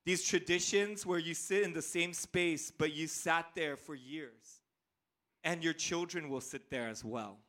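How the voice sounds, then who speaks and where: Bright, high-voiced animated male preacher. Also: a little slow. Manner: animated, playful storyteller. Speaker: pastor. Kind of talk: sermon with personal storytelling.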